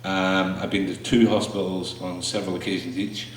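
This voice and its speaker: A man with a low voice reads his spoken word poetry to a small audience. His delivery is slow and halting between pieces, full of small fillers and restarts. He sits some way from the mic, and the small room rings with a strong echo. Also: flat delivery, a little hiss or hum. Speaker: poet performing his work. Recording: echoey room, mic far off.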